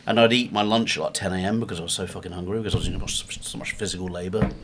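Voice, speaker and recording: A young man from England who talks fast in a low voice and swears his way through long, rambling anecdotes. He sits a little away from the mic, with faint background noise in the recording. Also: steady tone. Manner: rambling, sweary storytelling with many fillers. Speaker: podcast co-host. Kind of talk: casual chat.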